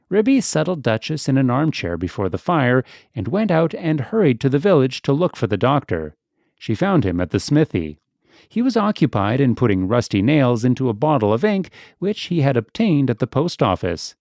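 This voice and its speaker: A man narrating a children's audiobook with expressive storytelling. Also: medium pitch, normal speed, no echo, clean studio sound.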